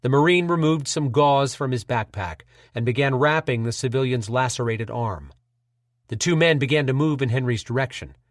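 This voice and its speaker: A man's voice: mid-range voice, moderate pace, no room sound. Man narrating an audiobook, dry close sound.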